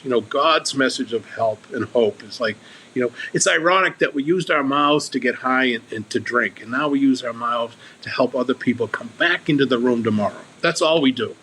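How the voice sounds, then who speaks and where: Bright-voiced man telling his recovery story. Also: medium pitch, fairly quick, slight background noise, rough recording. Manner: earnest, repeats and restarts words. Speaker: AA circuit speaker guest. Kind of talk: candid podcast conversation.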